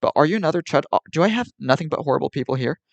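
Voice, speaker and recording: A man's voice: on the high side, animated, very fast, gravelly, no echo. Exasperated man ranting at his stream chat. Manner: exasperated, argumentative, repetitive. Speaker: livestreamer.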